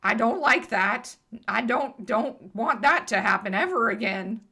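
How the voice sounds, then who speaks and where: A woman voicing a timid, simple pony who talks in halting, rambling bursts. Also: a little high, animated, sharp tone, breathy edge, full character voice. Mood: plaintive.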